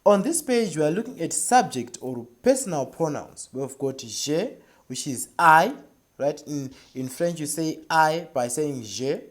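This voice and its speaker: A teacher giving a beginner French lesson, repeating each phrase and checking in often with a quick "right?". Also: medium pitch, expressive.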